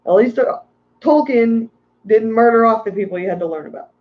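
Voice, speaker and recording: A man's voice: extremely high pitch, fairly quick, highs cut off. A tired man hosting a casual livestream about aquarium fish, rambling and ranting while reading out chat messages. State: tired from little sleep.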